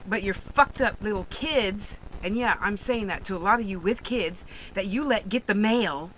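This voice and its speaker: A woman's voice: medium pitch, moderate pace, a bit bright, slight background noise, poor audio. A woman who sells jewelry online, ranting bluntly and sarcastically in a profane vlog monologue. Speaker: online jewelry and crystal seller.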